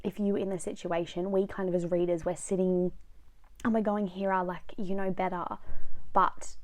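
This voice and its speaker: A woman's voice: on the low side, little pitch movement, moderate pace, darkish tone. A young woman chatting casually about books she has read, rambling a little with lots of fillers. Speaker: book vlogger. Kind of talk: casual book review vlog.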